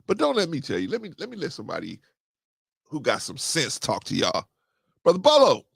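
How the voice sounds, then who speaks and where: Lively joking man with gravelly voice. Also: a little fast, dry recording, clean studio sound. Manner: animated, joking, laughs often; preachy storytelling with sudden pitch jumps. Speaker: livestream host reading scripture. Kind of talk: casual comic Bible commentary.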